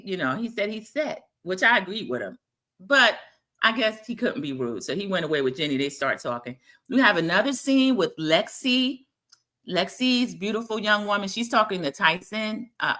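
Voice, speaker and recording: Chatty woman hosting a bright live recap. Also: mid-range voice. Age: middle-aged. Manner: chatty, addresses viewers as y'all, acts out quotes. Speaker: host recapping a dating show. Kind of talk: casual live-stream commentary.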